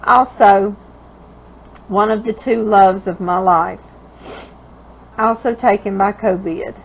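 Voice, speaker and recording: A woman's voice: mid-range voice, steady tone, takes it slowly, vocal fry, slight background noise, low-quality recording. A woman with a Louisiana Southern accent, hosting a home cooking show from her kitchen and reading viewer mail aloud in a tender, emotional way. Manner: tender, emotional, laughs often, calls listeners girl.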